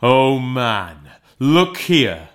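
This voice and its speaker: A man reading an audiobook, voicing a solemn and sorrowful Christmas spirit who gives loud, slow, stern warnings. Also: on the low side, expressive. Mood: grave.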